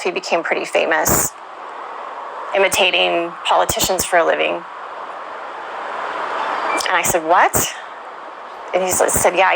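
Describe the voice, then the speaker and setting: A woman with a low, fry-edged voice tells her own story in an interview. She is reflective and emotional, leaning on "you know" as she goes. There is noise in the background. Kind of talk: personal life story told in an interview.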